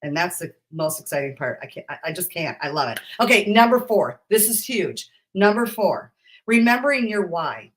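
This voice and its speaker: A woman's voice: fairly low pitch, big pitch swings, normal speed. A fired-up woman coaching straight to camera, sassy and emphatic. She sounds like a motivational business coach hyping up her viewers on a live stream.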